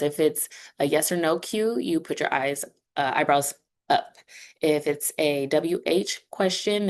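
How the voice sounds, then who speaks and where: A woman with a low voice talks a class through the course setup, step by step. She keeps it casual and upbeat, as if chatting with students on a video call. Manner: conversational, upbeat, explaining step by step. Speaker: instructor voice for a sign language course. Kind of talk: online class walkthrough.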